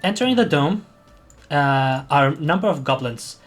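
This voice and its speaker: A man's voice: a little high, lively intonation, moderate pace, faint music behind. A man running a tabletop game as game master, narrating in a rambling way full of fillers while he searches for words.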